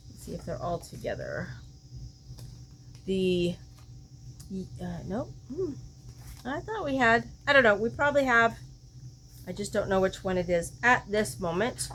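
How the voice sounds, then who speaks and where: A woman's voice: medium pitch, very animated, a little slow, long pauses, a bit bright, slight background noise. A woman hosting a crochet vlog, chatting casually and thinking aloud, often questioning herself mid-sentence. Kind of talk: casual show-and-tell chat.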